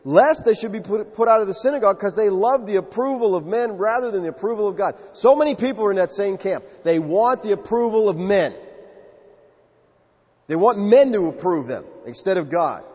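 A Southern man delivers an emphatic sermon, jumping into character for the quotes he tells. His voice sits high and breathy. The sound is a little muffled and carries a long hall echo. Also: lively intonation, fairly quick, darkish tone. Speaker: pastor.

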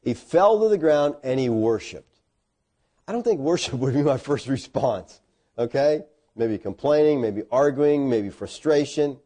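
Animated preacher man with a mellow voice. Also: a little slow. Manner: animated storytelling with sudden loud, high bursts; folksy asides and self-deprecating humor. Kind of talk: sermon.

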